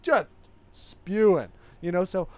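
A young man co-hosting a casual comedy podcast, rambling and excitable, with lots of slang and restarts. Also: high-pitched, a little slow, no echo. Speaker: podcast co-host.

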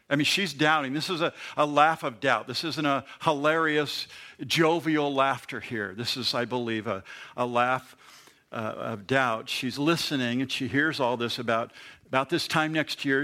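Bright-voiced pastor in his fifties. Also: mid-range voice. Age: 50s. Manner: conversational Bible teaching, acts out quoted voices. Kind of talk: sermon.

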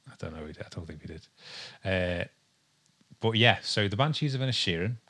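A man's voice: low voice, expressive, normal speed, bright, forceful tone. A young man from England co-hosting a podcast in casual chat, rambling and hesitant with lots of ums. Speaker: podcast co-host.

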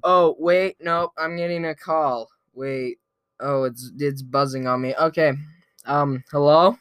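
A man's voice: mid-range voice, steady tone, fairly bright tone, clean tone, soft background music. A man telling a weekly story time on his vlog in a playful, chuckling way. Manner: playful, slow and drawn-out, chuckling often. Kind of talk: casual storytelling to camera.

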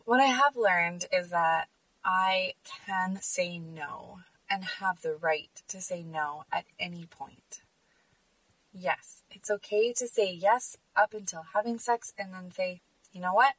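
A woman's voice: lowish voice, fairly bright tone, distant mic, rough recording. A woman hosting a podcast, speaking in an earnest, emphatic personal monologue. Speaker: podcast host.

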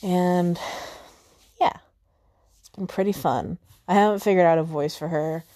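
Young woman, casual solo podcast, rambling, lowish voice. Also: measured pace, dark tone. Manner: rambling, many fillers and self-corrections. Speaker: podcast host.

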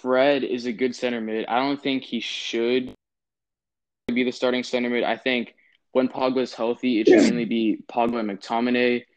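A young man co-hosts a casual sports podcast, offering strong opinions but hesitating with lots of ums and restarts. His mid-range voice shows little pitch movement at a moderate pace, and the recording has a dull lo-fi sound.

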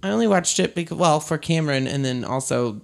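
A man who performs in drag, chatting casually in a bawdy, giggly, gossipy way; his voice is deepened by smoking. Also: expressive, a little fast, creaky. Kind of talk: casual chat.

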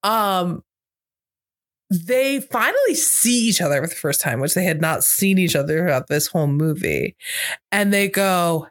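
A woman in her thirties co-hosting a casual movie podcast, lively, laughing often and swearing casually. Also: lowish voice, a little slow. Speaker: podcast co-host.

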